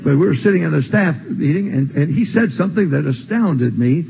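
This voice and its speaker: An older man preaching a sermon in a church, emphatic and repetitive, with shouted refrains. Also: on the high side, expressive, fairly quick, creaky, lo-fi sound. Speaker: pastor. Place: church sanctuary.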